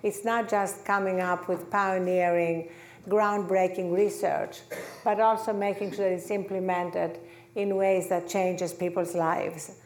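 A woman's voice: fairly low pitch, little pitch movement, unhurried. A woman from Greece with a Greek accent, giving a gracious, conversational public talk as the featured guest in a lecture hall.

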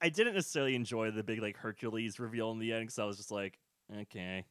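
A man co-hosting a casual podcast chat, animated, laughing a lot and acting out quotes. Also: on the low side, very fast, clear, resonant tone. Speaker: podcast co-host.

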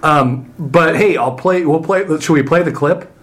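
A man's voice: a little high, unhurried. A man co-hosting a podcast, rambling with many fillers in an amused tone. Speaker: podcast co-host. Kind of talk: casual podcast chat.

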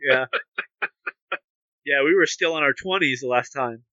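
A man in his thirties co-hosting a casual podcast, rambling and relaxed with easy laughter. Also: medium pitch, measured pace, no echo, highs cut off. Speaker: podcast co-host.

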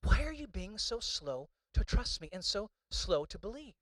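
God as a stern, rebuking male voice, as a preacher puts him on. He speaks with a raised pitch and presses with urgent, repeated questions. The sound is dry and close. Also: very animated, moderate pace, a bit bright, no echo.

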